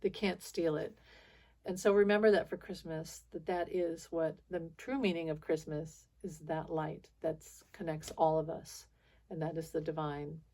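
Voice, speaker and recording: A woman's voice: low-pitched, flat delivery, normal speed, dark tone. A woman hosting her own spiritual video channel, talking to viewers in a rambling, frustrated monologue full of restarts and little laughs.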